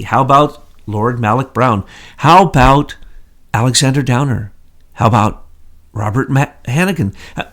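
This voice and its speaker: A man's voice: fairly high pitch, fairly bright tone. Indignant man firing rhetorical questions. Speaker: co-host. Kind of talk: political commentary chat.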